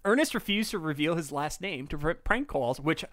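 Man, podcast host, bright tone, dry recording, casual rambling chat. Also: fairly high pitch, animated, a little fast, no room sound. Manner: rambling, jokey, trails off into asides.

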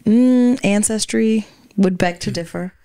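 A woman's voice: mid-range voice, a little slow, mellow, clear, resonant tone, no echo, studio quality. A young woman co-hosting a casual podcast, chatty and hesitant, full of fillers and restarts. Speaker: podcast co-host. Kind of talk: casual chat.

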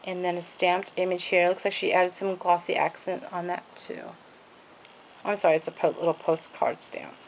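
A woman's voice: fairly low pitch, flat delivery, moderate pace, a little hiss or hum, low-quality recording. A woman casually showing off craft pages in a home video, gushing over each piece and stringing details together with "and then" and fillers. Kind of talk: casual show-and-tell.

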